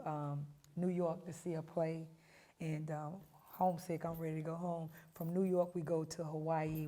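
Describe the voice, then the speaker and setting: A woman in her fifties, a head coach, telling stories in an emphatic, animated way during an interview. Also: lowish voice. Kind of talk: storytelling interview.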